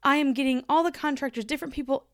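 Hosting her own podcast alone, a woman speaks in a high, fairly bright voice at a racing pace. She's chatty and emphatic and laughs easily, and the studio-quality audio has no room sound.

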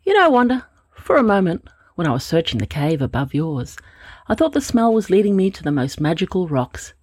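A woman's voice: fairly low pitch, very animated, brisk, a little mellow, husky, dry recording. A woman voicing an anxious young male rock fairy in a storybook reading. She makes him nervous and eager, stammering now and then.

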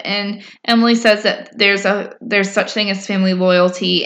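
Bright, chatty woman. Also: mid-range voice. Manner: rambling, filler-heavy, chatty storytelling. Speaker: podcast co-host recapping episodes. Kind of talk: casual chat.

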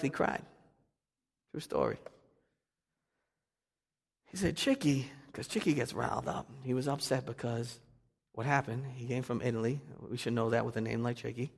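A male pastor preaching a sermon, swinging from hushed to loud and fervent. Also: mid-range voice, vocal fry. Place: church sanctuary. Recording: long reverb of a church hall.

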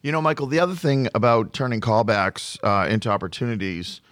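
A man who runs a flooring business tells work stories in a relaxed conversation, often repeating a word while he gathers his thoughts. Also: medium pitch, a little fast, no room sound, clean studio sound. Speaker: flooring contractor. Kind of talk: storytelling in a podcast conversation.

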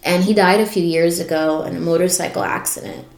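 A woman's voice: fairly low pitch, steady tone, fairly quick, gravelly, echoey room. A young woman hosting a podcast, reflecting on her life in an emotional voice that wavers and cracks. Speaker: podcast host. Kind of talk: personal reflective monologue.

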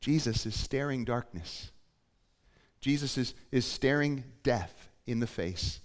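A man preaching a sermon as pastor, moving between quiet emphasis and loud, urgent appeals. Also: mid-range voice, lively intonation, takes it slowly. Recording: long hall reverb.

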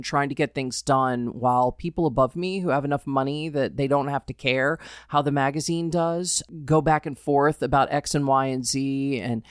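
A woman's voice: deep voice, dry recording, studio quality. Chatty woman co-hosting a book podcast. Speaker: podcast co-host, journalist. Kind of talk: casual book discussion and reading aloud.

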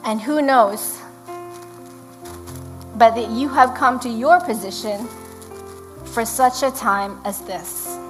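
A middle-aged woman, a pastor's wife, preaching an earnest sermon, slowing down to read scripture and praying softly at the close. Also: fairly high pitch, faint music behind, rough recording.

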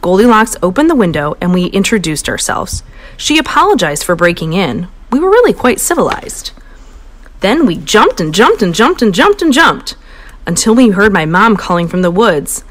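A woman reading a children's picture book aloud in a playful storytelling voice. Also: normal speed. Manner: animated, playful, pitch jumps high for voices. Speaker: storybook reader.

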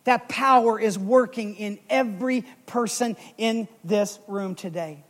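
A male pastor telling a personal story in a sermon, emotional and building from quiet storytelling up to shouted calls to faith. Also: sits high, measured pace, hardly any pauses.

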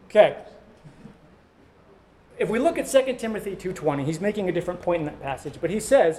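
Guy pastor giving a sermon, high voice, chatty and jokey with the crowd. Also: sing-song, brisk, long pauses, a little mellow. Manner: conversational, joking asides to the congregation.

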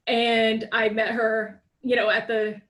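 A woman's voice: a little high, monotone, takes it slowly, fairly bright tone. A woman in her thirties chatting casually, candid and playful, laughing easily. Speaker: writer and reporter. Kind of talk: casual chat.

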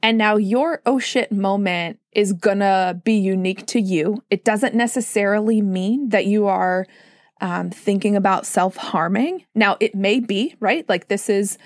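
A woman's voice: mid-range voice, a little slow, dry recording, clean studio sound. Chatty woman podcaster, slightly sore throat. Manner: chatty, self-deprecating, laughs often. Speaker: podcast host, mental health clinician. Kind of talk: casual solo podcast monologue.

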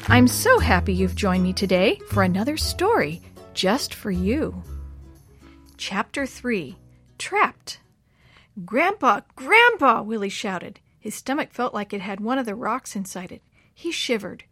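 A woman narrating a chapter book for children in a warm, expressive, slow and clear way. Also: medium pitch, soft background music. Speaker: children's storyteller.

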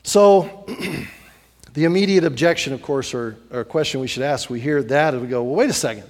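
A man preaching a sermon as pastor, animated and repetitive, acting out little voices as he tells a story. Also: mid-range voice, normal speed, in a large hall.

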